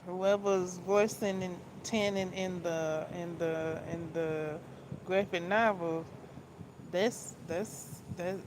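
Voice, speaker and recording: A book vlogger chats casually at a slow, unhurried pace, rambling, circling back to repeat herself and laughing often. Her fairly low voice keeps a fairly even intonation over a faint hum of room ambience.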